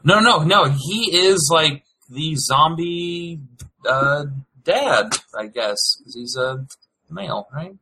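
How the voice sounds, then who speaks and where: A man in casual chat, pitching an idea hesitantly and thinking out loud. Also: expressive, slow, slightly rough, low-quality recording.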